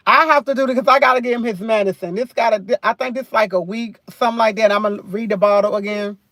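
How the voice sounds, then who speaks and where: A woman's voice: a little high, steady tone, quick pace, a bit bright, no echo, clean studio sound. Chatty New woman livestreaming. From New York. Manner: chatty, repeats phrases, rambling storytelling. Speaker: livestream host. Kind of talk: casual live chat.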